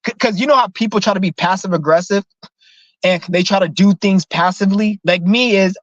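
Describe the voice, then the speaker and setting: A young man telling a profane, animated story in a casual vlog rant. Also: high-pitched, fairly quick, no echo, dull audio. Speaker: vlogger.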